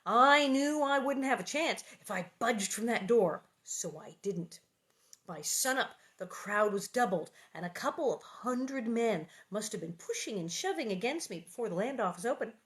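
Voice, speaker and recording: A man's voice: high-pitched, normal speed. A woman reading as a hearty pioneer father. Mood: storytelling. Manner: folksy, spinning a lively tale.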